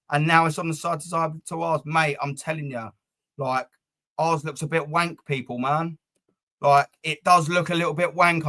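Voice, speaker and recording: Rambling man, slightly high voice. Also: fairly bright tone. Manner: rambling, swears freely, chats to viewers. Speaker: football fan channel host. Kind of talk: casual live-stream chat.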